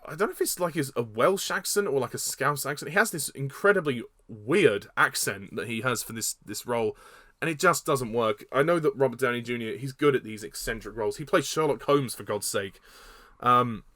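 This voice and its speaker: Casting note: male film reviewer, mid-pitch, blunt and halting, dry close sound. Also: expressive, pushed and bright, dry recording. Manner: blunt, hesitant with fillers and repeats, laughs at own jabs. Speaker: movie reviewer. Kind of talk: casual spoken film review.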